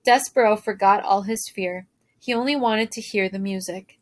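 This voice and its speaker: A woman teacher reading a storybook aloud to her class, expressive and stopping to ask them questions. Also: mid-range voice, moderate pace.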